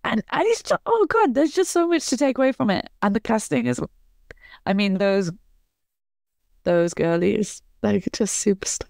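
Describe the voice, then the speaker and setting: Woman guest gushing on a pod, gravelly but smooth voice, dry sound. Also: medium pitch, animated, darkish tone, no room sound. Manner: effusive, jokey, fast-talking. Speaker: podcast guest. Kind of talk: casual chat.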